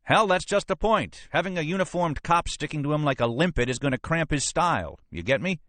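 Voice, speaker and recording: A man voicing a blustering, suspicious police captain who talks in a gruff, pushy way, in a storybook reading. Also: fairly high pitch, lively intonation, fairly quick, a bit bright, no room sound, pitched above the performer's own voice. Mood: bossy. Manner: gruff, pushy, rhetorical questions.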